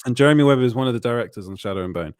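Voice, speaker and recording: A man's voice: medium pitch, expressive, rapid-fire, clean tone, no echo, clean studio sound. A man hosting a casual livestream chat, laughing often and restarting his sentences. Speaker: show host.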